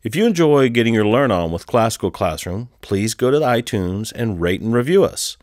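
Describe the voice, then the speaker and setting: Playful man, lively pitch, dry sound. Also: moderate pace, no room sound. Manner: playful, jokey. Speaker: podcast editor. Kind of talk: scripted show intro.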